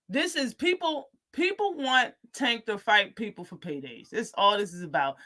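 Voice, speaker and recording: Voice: mid-range voice, pushed and bright. A live boxing talk show host ranting in a heated, profane, casual way.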